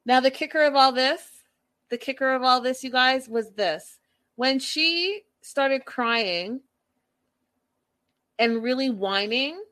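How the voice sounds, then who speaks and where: Woman host, casual reaction commentary, exasperated and emphatic, voice on the higher side. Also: slow pace, long pauses, a bit bright. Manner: emphatic, exasperated, repeats points.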